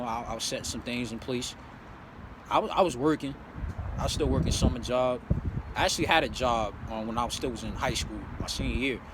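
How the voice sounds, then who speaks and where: Young man telling his story over street noise. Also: mid-range voice. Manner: animated, swears a lot, many fillers. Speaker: vlogger. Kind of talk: casual storytelling.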